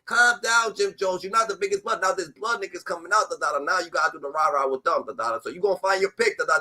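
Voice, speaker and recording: High-voiced heated New York man. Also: expressive, quick pace, few pauses, pushed and bright. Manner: profane, repeats filler "da, da, da". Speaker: streamer commentator. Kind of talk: heated reaction rant.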